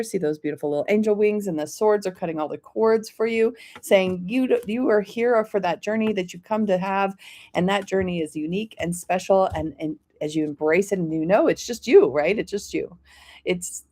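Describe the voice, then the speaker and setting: A woman hosting a live stream, reading oracle cards for viewers by name in a gentle, encouraging way and often checking in with "okay?". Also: mid-range voice. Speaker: oracle card reader, host of a weekly live stream.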